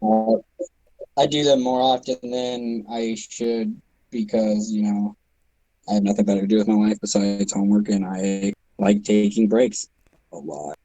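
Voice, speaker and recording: A teenage boy co-hosting a stream tells a rambling story full of swearing and laughter. His voice sits on the low side and sounds mellow and unhurried. The recording is dry and rough.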